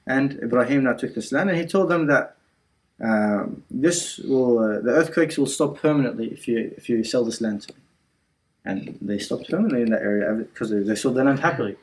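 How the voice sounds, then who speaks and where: In an indoor community centre, a man teaches a religious class, retelling scenes casually with quotes, many fillers, and Arabic words mixed in. His voice is medium-pitched and brisk, and the audio is poor.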